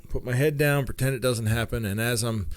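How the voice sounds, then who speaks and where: A man telling a funny family story in a casual, animated way, jumping in pitch as he acts out what people said. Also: fairly quick, no echo. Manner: animated, acts out quotes with big pitch jumps. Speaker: storyteller comedian. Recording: faint guitar music behind.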